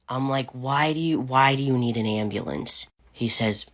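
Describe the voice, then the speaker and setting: A woman recovering from covid, telling a funny story about her son in a casual, animated way, often breaking into laughter. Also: very deep voice, moderate pace, hardly any pauses. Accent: American. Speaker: vlogger.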